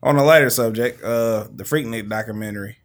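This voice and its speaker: A man's voice: fairly low pitch, brisk. A man co-hosting a podcast, chatting casually and rambling with lots of fillers and swearing. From Detroit. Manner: rambling, heavy fillers and profanity. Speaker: podcast co-host. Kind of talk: casual chat.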